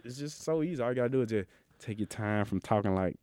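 A man's voice: mid-range voice, expressive, fast, a little mellow, smooth, no room sound. A young man from Mississippi with a Mississippi accent, chatting casually and playfully as co-host. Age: young adult. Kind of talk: casual chat.

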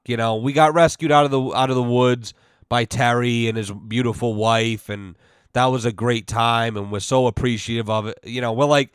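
Guy from massachusetts rambling thru a podcast story, swears a ton, smooth clear voice, dry close sound. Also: mid-range voice, moderate pace, no echo. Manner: rambling, profane, heavy use of fillers. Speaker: podcast host. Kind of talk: casual storytelling.

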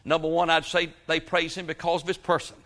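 A man preaching a sermon, his voice bright and pitched a little high. He tells homely stories and calls out amens as he goes. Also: completely flat delivery, fairly quick. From South Georgia, US. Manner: folksy storytelling with frequent amens. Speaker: pastor.

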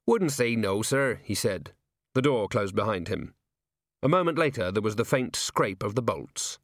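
This is scripted audiobook narration by a man whose voice is fairly low, delivered expressively at a moderate pace. The recording is dry and of studio quality.

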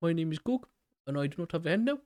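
Quick bit: man doing a goofy rock-creature male voice, deliberately bad accent, pitched up. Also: expressive, a little mellow, dry recording, clean studio sound, close to an everyday voice. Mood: mock solemn. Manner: mock accent, deliberately clumsy.

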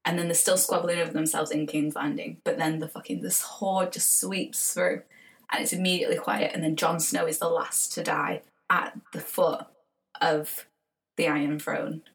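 A woman's voice: fairly low pitch, little pitch movement, moderate pace, gravelly, far from the mic, poor audio. Gushing woman chatting on a podcast. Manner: enthusiastic, swears, calls friend "baby". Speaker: podcast co-host. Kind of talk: casual chat.

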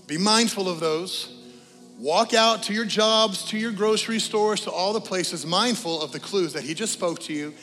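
A man preaching a sermon as pastor, telling lively stories and then leading a quiet prayer and altar call in a church. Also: high-pitched, normal speed, long reverb tail, soft background music. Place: church sanctuary.

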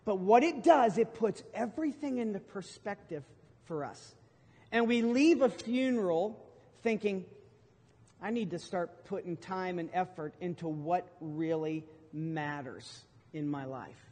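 A middle-aged male pastor preaches a sermon, telling stories with emphatic swells and sudden loud bursts. His voice sits high for a man. It rings out with a long reverb tail across a large hall. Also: lively intonation, unhurried.

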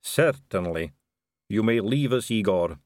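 A man's voice: fairly low pitch, animated, a little slow, no echo, clean studio sound. Man doing a genteel vampire lady. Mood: gracious. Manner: polite, gracious, lightly teasing. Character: genteel female vampire aristocrat, middle-aged, poised.

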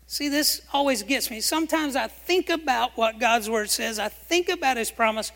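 Pastor, male, bright, forceful voice, emphatic sermon with call-and-response, long hall reverb. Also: very high-pitched, normal speed. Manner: emphatic, asks the congregation questions and has them repeat phrases. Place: church sanctuary.

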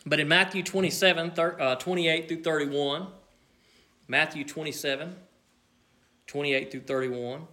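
A male preacher delivering a sermon at a deliberate, unhurried pace. His voice sits a bit high and rings bright and forceful. He swings from loud emphasis down to a near hush. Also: fairly even intonation. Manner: slow, earnest preaching that rises loud and drops to near hush.

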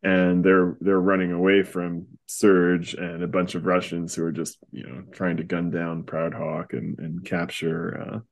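A low-voiced man chatting casually as a podcast co-host. He is relaxed and joking, with plenty of fillers as he explains comic book history. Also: unhurried, creaky, few pauses.

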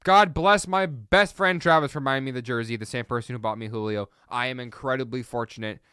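A man hosting his own sports podcast, talking alone in a sarcastic, animated rant that wanders and corrects itself. His voice is smooth and clear. The sound is dry and close, with no room around it. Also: mid-range voice, a little fast, dry recording.

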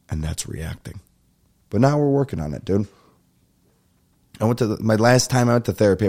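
A young man rants through a comic story on a podcast, swearing freely and slipping into quick impressions of the people he dealt with. His voice sits fairly low and sounds mellow and relaxed rather than sharp. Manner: profane, ranting, acts out phone calls. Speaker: podcast host. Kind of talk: casual comedic storytelling.

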